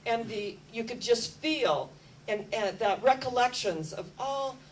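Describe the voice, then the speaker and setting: A woman speaking to an audience, telling a story as a lively storyteller who keeps coming back to energy and spirit. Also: on the high side, measured pace, recorded from a distance, poor audio. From United States. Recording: voice a bit off mic with faint hum.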